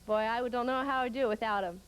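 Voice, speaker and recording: A woman wrestler talks quickly in a friendly, upbeat way. Her voice is clear and smooth, and pitched a little high. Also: a bit bright, poor audio. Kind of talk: televised interview.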